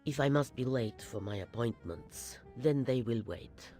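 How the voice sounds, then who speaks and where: Haughty older Russian noblewoman, Russian accent, animated delivery, game voice. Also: very deep voice, unhurried, soft background music. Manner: haughty and dignified. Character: proud aristocratic Russian woman, older. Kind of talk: video game voice acting.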